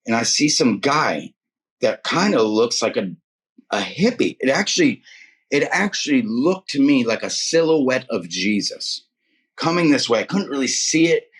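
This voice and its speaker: A man with a husky, slightly rough voice tells his faith story casually. He talks in a slangy, emphatic way and often repeats words for weight. His pitch sits in an ordinary middle range. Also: expressive, normal speed. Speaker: guest sharing a faith testimony.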